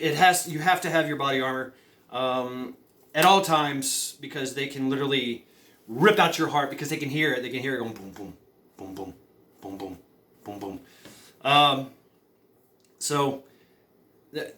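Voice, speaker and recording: A man giving mock-serious survival advice in a rambling comedy monologue, full of fillers and stammered restarts. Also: mid-range voice. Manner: rambling, with many fillers, stammered restarts and deadpan conspiracy talk. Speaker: comedy vlogger.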